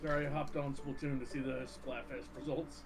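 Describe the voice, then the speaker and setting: A man's voice: mid-range voice, level tone, brisk. A man chatting with a friend on a stream, mostly giving short, dry replies. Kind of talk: casual chat.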